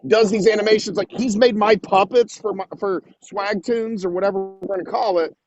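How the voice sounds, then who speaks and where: High-voiced dude hyping his buddy up, swears a bunch, muffled lo-fi mic. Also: fairly even intonation, a little fast, darkish tone, soft background music. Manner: enthusiastic, sweary hype. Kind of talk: casual chat. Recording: dull lo-fi mic.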